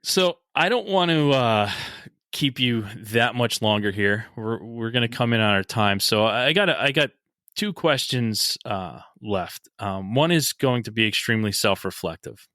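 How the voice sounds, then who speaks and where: A man's voice: medium pitch, animated, measured pace, pushed and bright, dry recording, studio quality. A man hosting a casual podcast interview, talking enthusiastically and swearing freely. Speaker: podcast host.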